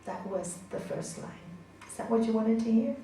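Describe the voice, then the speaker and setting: A woman teaching a spiritual yoga class in a gentle, chatty way, laughing often and acting out inner voices. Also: a little high, moderate pace, a little hiss or hum. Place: large hall. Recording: echoey hall from far off.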